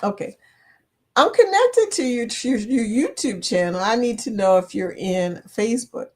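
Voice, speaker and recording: A woman's voice: a little high, lively intonation, moderate pace, darkish tone. Chatty laughing woman in her fifties. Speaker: livestream host. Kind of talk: casual live chat, reading viewer comments aloud.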